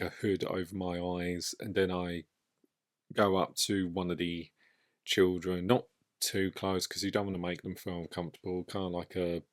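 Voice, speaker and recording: Man, low voice, solo podcast host, casual, enthusiastic, rambling.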